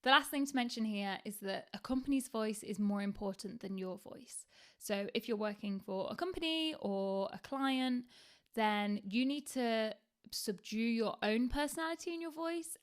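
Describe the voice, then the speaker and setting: A woman talks through a writing lesson at a middle pitch. She is frank and conversational and keeps the tone relaxed, with the odd "um" and "like". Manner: chatty and candid, with fillers like "like" and "um". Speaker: writing instructor. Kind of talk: casual online lesson.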